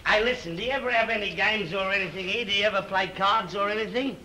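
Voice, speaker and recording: An actor playing a jolly, boastful comic king in a 1930s film comedy, chatty and excitable, with an Australian accent. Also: high voice, quick pace, rough recording. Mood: excited. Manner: chatty, excitable, bossy with cheeky asides. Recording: old film soundtrack with faint hiss.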